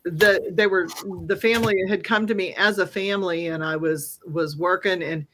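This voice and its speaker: A woman medium on a podcast, telling stories with a bright, forward tone. She swears freely and laughs often. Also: fairly low pitch, steady tone, moderate pace, slight background noise. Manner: blunt and profane, laughs often. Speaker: psychic medium, podcast guest. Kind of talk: casual storytelling.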